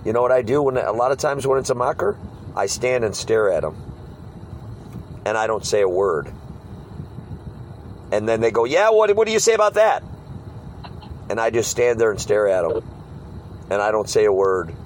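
A man's voice: lowish voice, normal speed, long pauses, a little hiss or hum, low-quality recording. A man, a street preacher, leads a casual group talk and tells stories, often acting out the hecklers he meets. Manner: animated storyteller, mimics hecklers. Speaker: street preacher leading a discussion.

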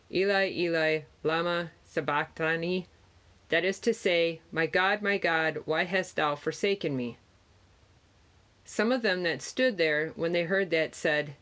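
In a mid-range voice, someone reads aloud from the Gospels using old-fashioned language, keeping a steady, measured pace despite occasional minor slips.

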